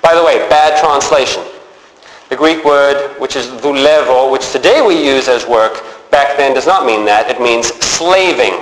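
A man preaching a sermon, lively and expressive, acting out characters in the story as he speaks. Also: medium pitch, unhurried, a little hiss or hum. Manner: animated, acts out biblical characters with changing voice. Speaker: pastor. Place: church sanctuary. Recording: echoey church hall, faint ambience.

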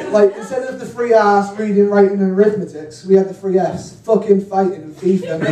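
High-voiced young comedian, far off. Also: male voice. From Hull, England. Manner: deadpan one-liners with frequent ums and crude punchlines. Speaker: stand-up comedian. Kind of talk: stand-up comedy set. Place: hotel function room comedy gig. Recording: echoey, distant live room recording with noise.

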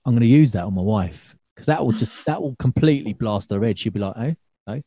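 A man hosting a casual podcast chat, with an easygoing way of agreeing and asking questions. His voice is mellow and warm, recorded dry and close. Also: on the low side, lively intonation, fast talker, slightly rough, dry recording. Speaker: podcast host.

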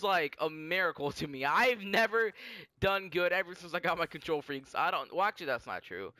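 A young man giving rambling, excitable live commentary over his gameplay, often stopping to correct himself. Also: fairly high pitch, clean tone, no echo. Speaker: gaming commentator.

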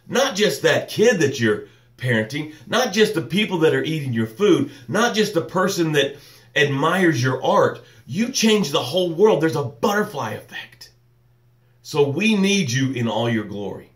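A man hosts a live motivational morning show, his voice ringing in a roomy, echoing space. He stacks up fervent, sermon-like phrases and calls viewers by name. Then he eases into soft, unhurried breathing cues. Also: on the high side, very animated. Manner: fervent, preacher-like build-ups with repeated phrases. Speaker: business coach hosting a live morning show.

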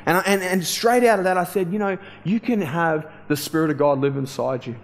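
A man's voice: a little high, a little fast. Male pastor, casual storytelling. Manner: casual, conversational, many fillers and restarts. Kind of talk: storytelling sermon.

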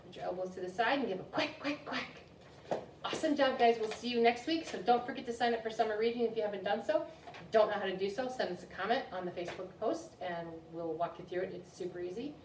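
A woman's voice: mid-range voice, fast, darkish tone, a little hiss or hum. A woman children's librarian hosting a story time in an upbeat, chatty way, recorded in a library room. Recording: roomy room, distant mic, faint ambience.

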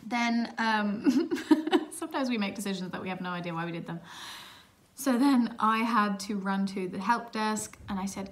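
A woman's voice: mid-range voice, moderate pace. A woman from England talks casually to her camera, recounting a chaotic journey. Her voice sits in a mid range, and she jumps between exasperation and self-mocking laughter as the story tumbles out. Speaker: vlogger.

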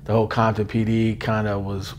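A man interviewing a guest, asking long questions with pauses and restarts. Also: on the low side, completely flat delivery, slight background noise. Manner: hesitant, many fillers and restarts.

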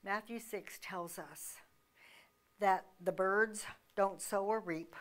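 A woman minister preaching with emphatic, conversational energy. She fires off rhetorical questions, restarts her sentences, and speaks at an ordinary middle pitch. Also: slow pace. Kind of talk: sermon.

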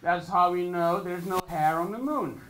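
High-voiced Flemish comedian, slow, echoey club. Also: male voice, very noisy. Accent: Flemish Dutch. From Belgium. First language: Dutch. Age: 30s. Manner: halting restarts building to indignant shouting rants. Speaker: stand-up comedian. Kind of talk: live stand-up comedy. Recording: echoey room with audience laughter.

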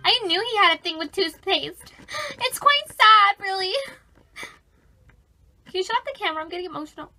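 A snippy, scheming wife pet, played by a girl, with a high voice. She sounds bright over background music in a homemade toy skit. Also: lively intonation, moderate pace, long pauses, full character voice. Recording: music playing underneath.

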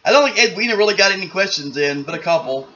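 A man's voice: high-pitched, expressive, fast talker, bright, forceful tone, dull audio. A man speaking earnestly and gratefully as he closes out his own game video. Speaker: channel creator. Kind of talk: casual video outro.

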